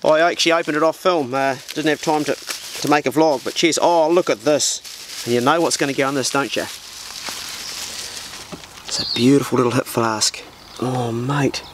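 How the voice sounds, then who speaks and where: A man's voice: mid-range voice, steady tone, moderate pace, pauses often, background noise. Blokey New Zealand man opening mail. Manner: chatty, blokey, slangy. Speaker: vlogger. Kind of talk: casual mail-opening vlog. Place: old farmhouse.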